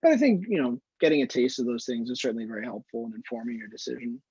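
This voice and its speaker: Husky-voiced male doctor on a muffled call. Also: medium pitch, expressive, a little mellow, dry recording. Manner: measured, explanatory, frequent "standpoint" phrasing. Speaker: anesthesiologist answering student questions. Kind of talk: casual advice in an online Q&A. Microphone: video call. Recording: muffled, slightly lo-fi video call audio.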